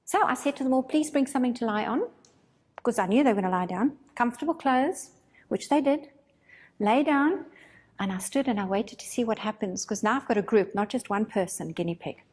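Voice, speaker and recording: A woman teaching a spiritual course, telling a story in a casual, animated way and acting out her own thoughts. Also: on the high side, fairly quick, big-room sound.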